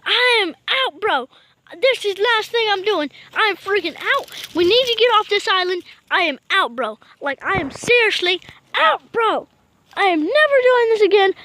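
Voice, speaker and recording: Very high-pitched panicky young woman gamer. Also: moderate pace, dry recording. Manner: excitable, panicky, yelling. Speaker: gaming video host. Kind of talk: let's play commentary.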